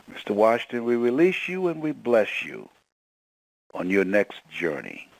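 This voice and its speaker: A man's voice: mid-range voice, huge pitch swings, normal speed, creaky, no echo, rough recording. A man speaking as a motivational storyteller on a call-in line, emotional and acting out quoted voices.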